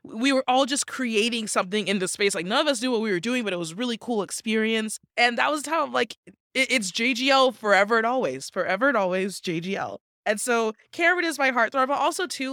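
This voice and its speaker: A woman's voice: a little high, animated, a little fast, a bit bright, dry recording, clean studio sound. A woman co-hosting a podcast in casual chat, gushing and laughing often, with lots of "like". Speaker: podcast co-host.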